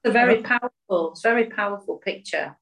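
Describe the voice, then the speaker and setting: Supportive woman with a mid-pitched voice. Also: quick pace, creaky, a bit bright, poor audio. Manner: supportive, hesitant with restarts. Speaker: podcast guest. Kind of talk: casual conversation.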